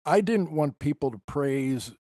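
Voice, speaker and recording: A man's voice: fairly high pitch, expressive, unhurried, warm tone, no room sound, studio quality. A man, a musician guest on a podcast, telling personal stories in a reflective, emotional way. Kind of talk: storytelling interview.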